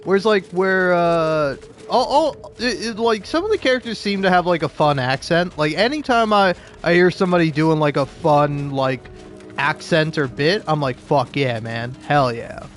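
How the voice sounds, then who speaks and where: A man's voice: high voice, expressive, normal speed, faint music behind. A man giving casual, rambling commentary over a video game playthrough. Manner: rambling, many fillers and restarts. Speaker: gaming streamer.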